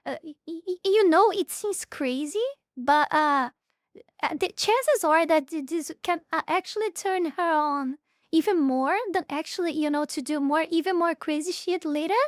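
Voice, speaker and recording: A woman's voice: very high voice, normal speed, no room sound, clean studio sound. A woman streamer giving blunt, heated reaction commentary, swearing often and repeating her words. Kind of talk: casual live reaction commentary.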